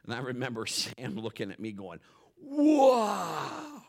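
A middle-aged male pastor preaching a sermon, telling a story emphatically, with swings from loud exclaims to hushed asides. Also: lowish voice, fairly even intonation, fairly quick.

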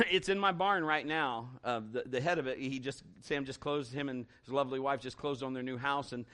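A middle-aged man with a mid-range voice preaches fairly quickly as a pastor. His sermon features an animated folksy story with many restarts and performed quotes.

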